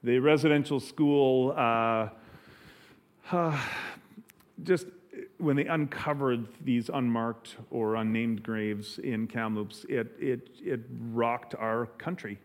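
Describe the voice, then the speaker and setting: Middle-aged male pastor, earnest sermon delivery, halting with frequent restarts, average pitch. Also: steady tone. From Canada.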